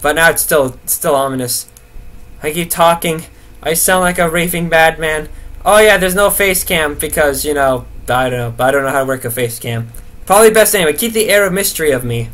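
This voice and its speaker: A young man rambling nervously through horror game commentary, swearing and talking to himself to stay calm. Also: fairly high pitch, a little fast. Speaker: gaming video host.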